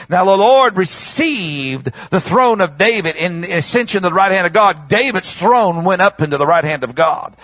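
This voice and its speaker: A man preaching a sermon in call-and-response style. He rises to shouts on key words, drags out quoted scripture and stumbles over repeated words. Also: sits high, dry recording.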